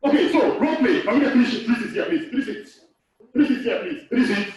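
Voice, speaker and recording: A man's voice: very high-pitched, lively intonation, fairly quick. A man from Nigeria giving a live lecture to a hall audience, repeating key phrases and asking the room questions. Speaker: course lecturer. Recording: echoey hall, far off, dull.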